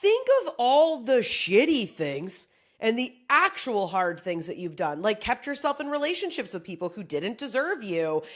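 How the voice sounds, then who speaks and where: A woman comedian speaks at normal speed in a mid-range voice, giving a casual motivational pep talk. She's animated, joking constantly and swearing freely throughout.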